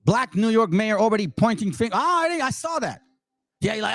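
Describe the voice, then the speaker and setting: A man from Peru giving casual reaction commentary, animated and talking straight to his viewers. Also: sits high, a little fast, no room sound. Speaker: channel host.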